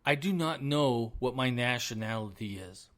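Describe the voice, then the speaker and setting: A man's voice: medium pitch, animated, normal speed. A middle-aged man hosts his own podcast in a solo rant. He hammers his points with emphatic repetition and chuckles at himself between lines. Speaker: podcast host.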